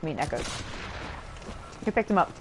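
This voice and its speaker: A woman's voice: low voice, animated, moderate pace, very noisy. A young woman casually commenting as she streams a video game, chatty and laughing, reading chat aloud and swearing.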